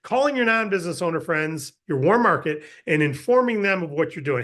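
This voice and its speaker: A middle-aged man talks a sales team through casual training in a fairly high voice. He's energetic and lively, and often slips into acting out sample pitches. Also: fairly quick. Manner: energetic, acts out sales scripts.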